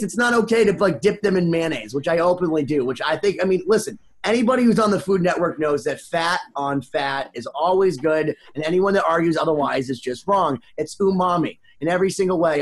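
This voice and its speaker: A man's voice: on the high side, fairly quick, few pauses. A man, a band member and wedding DJ, rambling and swearing freely in casual podcast chat. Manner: rambling, profane, excitable storyteller.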